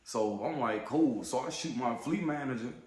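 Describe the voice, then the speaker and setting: A man who drives trucks tells a story in a casual rant, heated and profane, getting louder and sharper when riled. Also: medium pitch, moderate pace, roomy sound.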